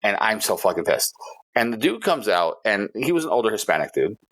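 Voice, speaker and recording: A man's voice: lowish voice, sing-song, a little fast, fairly bright tone, husky. A man co-hosting a casual podcast, telling a story in a heated, profane way. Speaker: podcast co-host.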